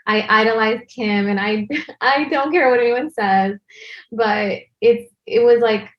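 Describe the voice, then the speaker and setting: A woman's voice: a little high, measured pace, highs cut off. A young woman, a content creator, chatting as an interview guest with a Valley girl way of talking and lots of "like". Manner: Valley girl speech, many "like" fillers. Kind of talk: casual interview chat.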